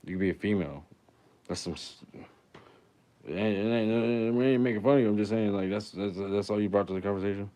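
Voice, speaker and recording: A man's voice: fairly low pitch, fairly quick, dark tone. A young man, a musician talking to his viewers in a rambling, crude and joking livestream chat. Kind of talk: casual livestream banter.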